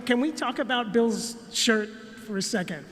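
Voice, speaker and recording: A man who writes for TV, telling anecdotes on a convention panel in an animated, laughing way. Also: extremely high pitch, normal speed. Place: large convention hall. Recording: roomy hall reverb.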